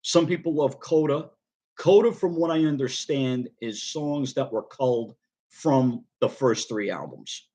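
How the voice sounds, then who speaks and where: A man's voice: medium pitch, expressive, measured pace, dark tone. Rambling middle-aged man talking records. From United States. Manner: rambling, many ums and restarts. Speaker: record collector vlogger. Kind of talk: casual talk to camera about records.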